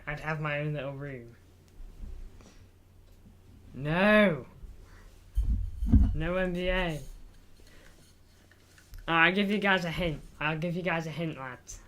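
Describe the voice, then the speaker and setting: Against a green screen indoors, a man chats about football on a live stream, joking around, reading viewers' messages out loud and calling them lad. His voice is on the high side with a sharp tone.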